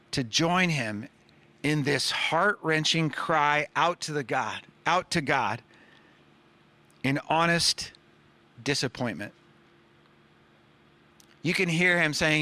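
A man preaching a sermon as pastor, earnest, dropping soft on key words and rising on questions. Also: a little high.

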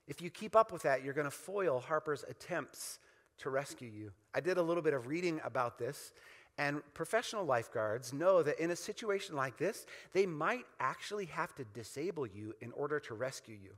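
Guy preaching a sermon, punchy and repetitive, bright tense tone, long echo like a big church. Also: on the high side, expressive, normal speed. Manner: emphatic, repetitive call-and-response preaching. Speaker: pastor.

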